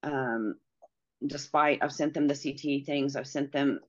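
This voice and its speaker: A middle-aged woman telling a personal story as a guest, earnest and halting, with many pauses and fillers. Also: a bass voice, fairly even intonation, darkish tone, highs cut off.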